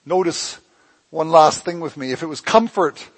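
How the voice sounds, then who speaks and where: A man preaching a sermon as pastor of his church, impassioned, swinging between loud emphatic lines and hushed ones. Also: a little high, normal speed, rough recording.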